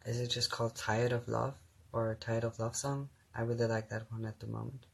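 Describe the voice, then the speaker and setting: A man's voice: medium pitch, level tone, brisk, gravelly. A young man answering viewer comments on a phone livestream in a casual, teasing, playful way, laughing often. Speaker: livestream host reading comments.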